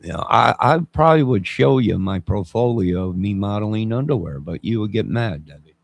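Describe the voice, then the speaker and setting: Fairly low-pitched and animated, with vocal fry and no echo, this man speaks a little fast. He's in his fifties and runs his own channel, rambling in a jokey way during a live stream while replying to chat.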